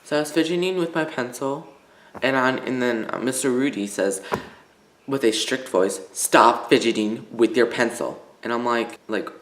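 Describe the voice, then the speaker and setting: A man's voice: mid-range voice, normal speed, echoey room. A teenage boy from Illinois telling stories in a casual vlog, rambling with lots of "like" and fillers. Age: teens. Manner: rambling, filler-heavy, full of "like". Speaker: vlogger.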